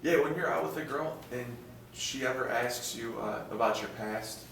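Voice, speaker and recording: A man in a seminar audience asking halting, hesitant questions. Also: mid-range voice, creaky, fairly bright tone, slight background noise. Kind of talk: casual questions. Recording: very echoey room, from a distance.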